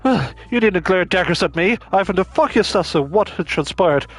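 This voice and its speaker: A man's voice: high voice, animated, a little fast, faint music behind. A man reading the lines of a worried, formal masquerade host in a game. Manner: formal, pleading delivery. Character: polite, fretful male masquerade host.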